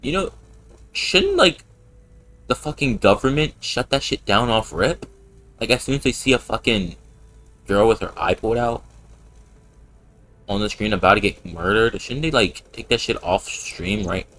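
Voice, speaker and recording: A man's voice: on the low side, expressive, normal speed, pauses often, a bit bright. A young man streaming a game and commenting in a casual, slangy and joking way, repeating himself a lot. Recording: stream audio with faint game music.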